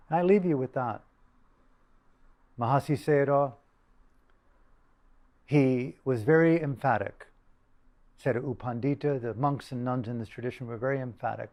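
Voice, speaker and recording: An older man giving a dharma talk to a group, emphatic and deliberate, repeating phrases for stress. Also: medium pitch, darkish tone. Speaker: dharma teacher.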